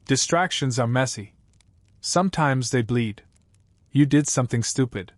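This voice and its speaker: A man voicing a wounded, grinning outlaw who talks in a calm, unhurried, taunting drawl, from a dry recording. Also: mid-range voice, dry recording, natural voice.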